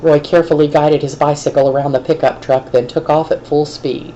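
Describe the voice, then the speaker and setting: A woman teacher reading a chapter aloud to her class, her voice low and steady. The pacing is measured, with a faint hiss underneath. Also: highs cut off. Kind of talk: classroom read-aloud of a novel.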